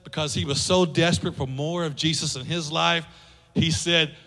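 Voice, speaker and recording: High, bright passionate male preacher. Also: steady tone, moderate pace, faint music behind. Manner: passionate, exhorting, rhetorical questions. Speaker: pastor. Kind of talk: sermon. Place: church sanctuary. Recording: long church reverb.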